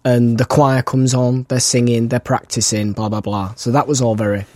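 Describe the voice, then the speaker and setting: A man, co-hosting a podcast and telling stories in an excitable, chatty way with frequent laughs. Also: medium pitch, normal speed, no room sound. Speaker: podcast co-host. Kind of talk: casual chat.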